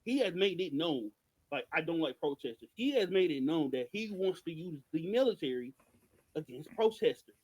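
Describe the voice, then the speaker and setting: Podcast co-host, male, high and lively voice, emphatic commentary. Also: moderate pace, slightly rough, low-quality recording. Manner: animated, emphatic, rhetorical questions. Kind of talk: passionate political commentary.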